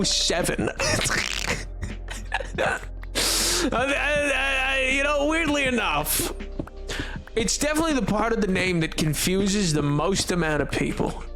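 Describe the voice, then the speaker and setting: A man with a noticeably high voice rambles and jokes as he chats with his viewers during a gaming livestream. Faint music plays quietly behind him. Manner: rambling, joking, chatting with viewers. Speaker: streamer. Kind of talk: casual livestream chat while gaming.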